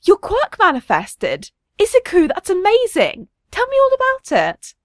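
A woman voicing a loving young mother in a storybook reading, bright and cheerful with swooping high notes. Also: sing-song, fairly quick, no room sound, studio quality. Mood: excited. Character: warm, worried young mother.

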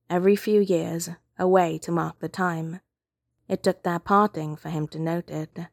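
A woman reading fiction aloud as narrator, with calm, steady storytelling. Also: fairly low pitch, unhurried, gravelly, no room sound.

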